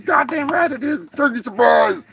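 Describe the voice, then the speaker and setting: A man voicing a foul-mouthed, testy male turkey who shouts and calls humans filth. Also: very high-pitched, lively intonation, moderate pace, gravelly, a crowd in the background, pitched above the performer's own voice, full character voice. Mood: ranting.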